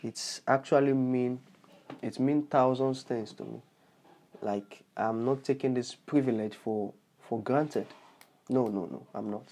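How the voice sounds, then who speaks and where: Earnest male podcast preacher, mellow voice. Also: medium pitch, steady tone, unhurried. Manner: earnest, repeats phrases, exclaims praise. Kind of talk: podcast sermon with altar call.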